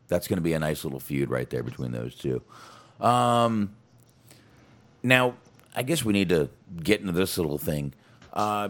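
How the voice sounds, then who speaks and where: A man co-hosting a podcast, chatting casually and swearing freely as he recaps a wrestling show. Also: deep voice. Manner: animated, laughing, swearing freely. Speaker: podcast co-host.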